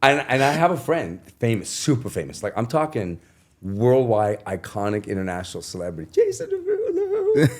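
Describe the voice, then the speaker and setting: A middle-aged man chatting on a podcast as the guest, telling stories with lots of swearing and quick acted-out voices. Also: on the low side. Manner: animated storyteller, swears freely, acts out voices. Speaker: guest singer. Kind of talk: casual podcast chat.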